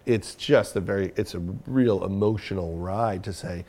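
A man being interviewed about his work as a comedian and filmmaker, with a gravelly, somewhat low voice. He talks candidly and self-critically and thinks out loud as he goes. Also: moderate pace, hardly any pauses.

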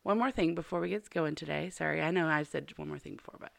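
Heavily gravelly woman podcast host. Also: low voice, fast talker, no echo. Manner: chatty, apologetic, heartfelt. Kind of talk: casual podcast intro.

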